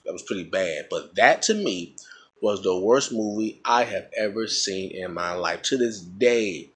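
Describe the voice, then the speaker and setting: A man's voice: lowish voice, a bit bright, slightly rough. A man casually ranting to camera about a movie, rambling and repeating himself as he restarts his sentences. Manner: rambling, with many restarts and repetitions; emphatic and indignant. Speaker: vlogger reviewing a movie.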